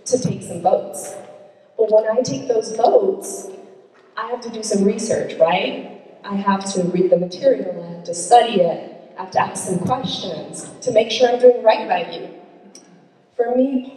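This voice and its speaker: Council lady talking to a room of locals, mellow voice, picked up from across an echoey hall. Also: mid-range voice. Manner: conversational, asks the audience questions. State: a little out of breath. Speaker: city council member. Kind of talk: public speech to constituents. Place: meeting room, audience present. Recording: echoey hall recorded from far off.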